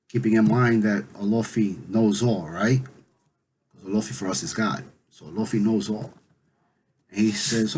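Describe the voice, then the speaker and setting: A man's voice: on the low side, fairly even intonation, a little slow, a little mellow, a little hiss or hum, poor audio. Man telling a legend in a casual voice. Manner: conversational, full of "you know" fillers. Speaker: storyteller. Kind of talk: casual oral storytelling.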